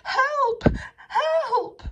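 A vain young male engine voiced by a woman from a storybook, grumbling and huffing in a husky voice that rises high. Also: normal speed. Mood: panicked.

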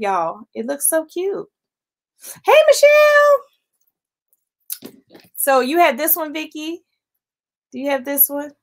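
A woman with a voice a little higher than most talks casually through a haul on a late-night stream at home. She chats easily and keeps calling her viewers y'all. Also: a bit bright. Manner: chatty, addresses viewers as y'all, greets chat commenters. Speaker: planner vlogger hosting a late-night live stream. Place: at home, indoors.

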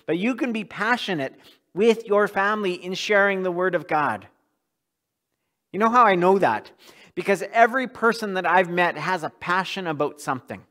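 A man's voice: high voice, expressive, normal speed, pushed and bright. A male pastor preaching a sermon in a church, earnest and often repeating words as he restarts a thought.

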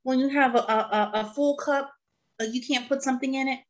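Woman host musing on a live stream, higher voice, searches for her words. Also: fairly even intonation, brisk. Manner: reflective, talks through ideas with fillers, reads out chat. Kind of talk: casual live-stream chat.

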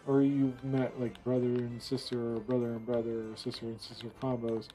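A man's voice: medium pitch, flat delivery, moderate pace, warm tone. A man casually commentating a game stream, rambling and muttering to himself, with faint music behind him.

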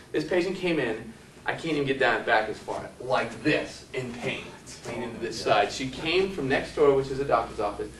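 A male physical therapist tells meandering stories to a workshop audience and keeps asking them questions. The mic sits well away from him, so his voice carries the echo of the room. A faint hiss runs under it. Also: mid-range voice. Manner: rambling storyteller, asks the audience questions. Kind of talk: anecdotal lecture to a live audience. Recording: echoey room from a distant mic.

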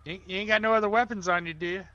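A man plays a laid-back police officer in a game roleplay, speaking in a loose, colloquial drawl. His voice is high and bright, and it comes through a dull, lo-fi mic. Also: steady tone, rapid-fire. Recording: dull lo-fi sound.

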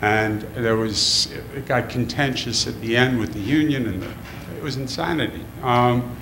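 A man's voice: medium pitch, creaky. Hesitant man asking from the audience. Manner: halting, many fillers, emotional. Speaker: audience member asking a question. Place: public forum in a hall. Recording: echoey hall, audible room noise.

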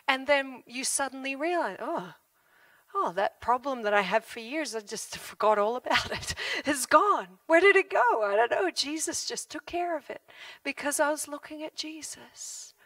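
A woman's voice: high voice, normal speed, dry recording, far from the mic. A middle-aged woman pastor preaching a sermon, telling stories with frequent laughter. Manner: laughs often, animated storytelling. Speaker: guest pastor. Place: church hall.

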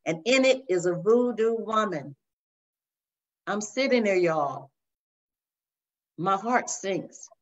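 An older woman minister sharing her testimony in a faith interview, telling it with lively storytelling and acting out the voices. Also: medium pitch, takes it slowly, long pauses. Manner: animated storytelling, acts out voices, addresses listeners as y'all. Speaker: guest minister. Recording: dull lo-fi sound.

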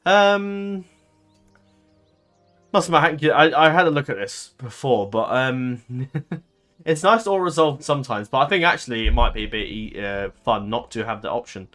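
A man's voice: mid-range voice, animated, moderate pace, a bit bright, soft background music. A man giving casual commentary over a strategy game. He rambles and fills his talk with ums and self-corrections. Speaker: gaming channel host.

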